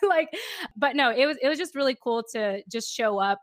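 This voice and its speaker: Female podcast host, bright-toned and chatty, laughs between thoughts, dry close mic. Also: sits high, quick pace, dry recording. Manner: chatty, laughs often, heavy use of "like". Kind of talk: casual interview chat.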